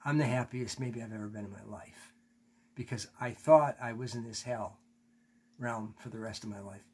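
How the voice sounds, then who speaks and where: A man's voice: medium pitch, steady tone, moderate pace, husky. A man teaching a class, telling a personal story candidly, swearing and acting out what he said back then. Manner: candid, swearing, acts out his own quotes. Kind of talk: storytelling in a lecture.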